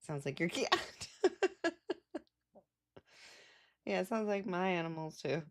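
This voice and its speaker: A woman's voice: fairly low pitch, lively intonation, slow. A young adult woman live streamer chatting casually, rambling with lots of "like" fillers and laughs. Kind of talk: casual chat.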